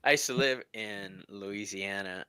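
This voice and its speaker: A middle-aged man hosting a tarot reading chats playfully with his guest, teasing them and laughing often. His voice is fairly low, a little slow, and sharp, recorded cleanly with no room sound.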